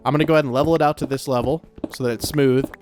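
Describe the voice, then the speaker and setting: A man's voice: medium pitch, steady tone, very fast, music in the background. A man giving casual, rambling commentary as he plays a video game, talking to himself with lots of filler words. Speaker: Let's Play creator.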